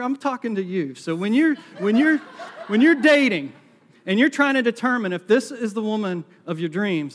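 A middle-aged man with a Southern US accent preaches with a light, high-pitched voice. He keeps things conversational and self-deprecating, with jokes woven into the sermon. The sound rings with the long reverb of a large auditorium. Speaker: pastor.

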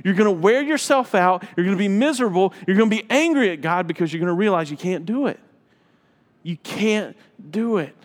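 A man with a high voice preaches a sermon, driving his points home with emphatic repetition. His voice rings out with a long reverb, as in a large hall. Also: expressive, a little fast. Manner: emphatic, repeats phrases for effect. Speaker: pastor.

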